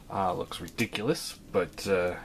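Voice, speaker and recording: Low-voiced man, hesitant toy review vlog. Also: slight background noise. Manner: hesitant, many ums and uhs, relaxed.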